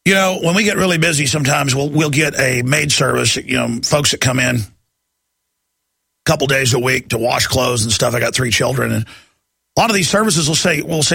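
A man's voice: mid-range voice, moderate pace, gravelly, sharp tone, breathy edge, no echo. A middle-aged man hosting a talk radio show, ranting in a heated, agitated monologue.

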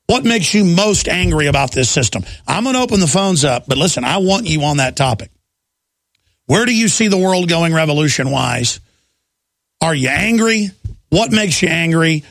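A male talk radio host, ranting in a gravelly, fried voice. He hammers his points hard and rallies his listeners. The studio sound is close and dry. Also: on the high side, very animated, moderate pace, fairly bright tone, no echo. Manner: fiery, emphatic, rallying listeners. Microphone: studio microphone.

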